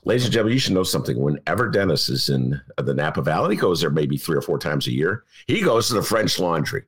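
A man's voice: low-pitched, sing-song, quick pace, breathy edge. A man hosting a talk radio show, delivering an opinionated monologue with sarcasm and frequent laughter.

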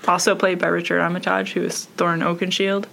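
Animated fact-sharing speaker with a gravelly edge. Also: mid-range voice, quick pace, a little hiss or hum. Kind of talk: casual movie discussion.

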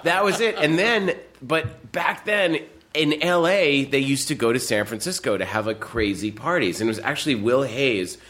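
A man, a guest filmmaker, telling rambling, animated anecdotes in casual chat, full of fillers and restarts. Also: mid-range voice, moderate pace.

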